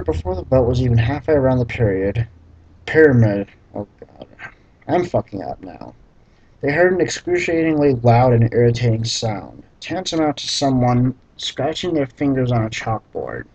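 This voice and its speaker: Male reader with a husky, mid-pitched voice, drily mocking the text as he reads. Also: moderate pace, highs cut off. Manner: deadpan, sarcastic, profane asides. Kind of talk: sarcastic dramatic reading with commentary.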